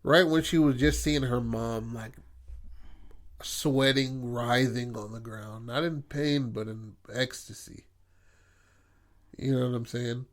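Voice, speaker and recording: A man co-hosting a podcast, pitching a story idea in a rambling, profane chat full of fillers. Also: steady tone, takes it slowly, pauses often. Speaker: podcast co-host. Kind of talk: casual brainstorming chat.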